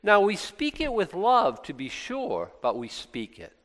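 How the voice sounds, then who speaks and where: A man preaching a sermon, reading scripture aloud and breaking into lively, sarcastic asides. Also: high voice, measured pace. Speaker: pastor. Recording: long hall reverb.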